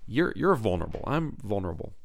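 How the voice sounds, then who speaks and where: A man hosting a Christian podcast, talking in an earnest, casual way, often repeating words and restarting, his pitch rising sharply when he gets excited. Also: fast, vocal fry. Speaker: podcast host.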